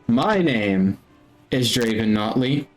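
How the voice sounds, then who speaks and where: A man's voice: mid-range voice, animated, takes it slowly, faint music behind, pitched below the performer's own voice. A man voicing a middle-aged, showy circus ringmaster who welcomes the crowd grandly. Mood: welcoming. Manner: grand, welcoming announcer delivery. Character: middle-aged male showman ringmaster in a fine suit.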